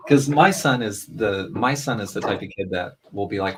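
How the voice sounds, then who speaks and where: Low-voiced man telling a rambling story. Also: fairly quick, few pauses, a little hiss or hum, rough recording. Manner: rambling storytelling with many fillers. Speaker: podcast co-host and father. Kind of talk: casual chat while streaming.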